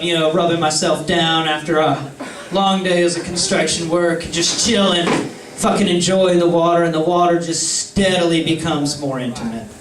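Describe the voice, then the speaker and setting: A young man doing a stand-up set, telling stories with animated voices and yelling in the bits. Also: a little high. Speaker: stand-up comedian. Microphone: stage mic. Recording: echoey room, distant mic.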